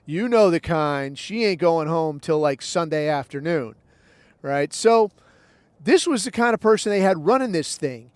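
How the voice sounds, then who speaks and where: A man's voice: fairly high pitch, lively intonation, unhurried, smooth, no echo. An American man hosting a podcast, telling a long personal story in a loose, wry way and acting out the other voices. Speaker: podcast host. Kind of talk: casual storytelling monologue.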